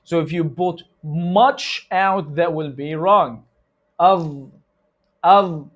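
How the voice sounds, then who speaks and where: An Arabic-speaking man with an Egyptian accent gives a recitation lesson in English. His voice sits a touch higher than most men's. He talks loosely with restarts and slows right down to repeat each sound for his students. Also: highs cut off. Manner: repeats sounds slowly to demonstrate them. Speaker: tajweed teacher. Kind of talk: instructional lesson.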